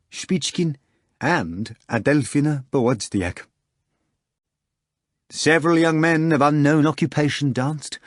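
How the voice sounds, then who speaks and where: Man reading a novel dramatically, dry sound. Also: no echo. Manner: dramatic, theatrical reading that swings between hushed lows and loud cries. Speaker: audiobook narrator. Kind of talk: scripted narration.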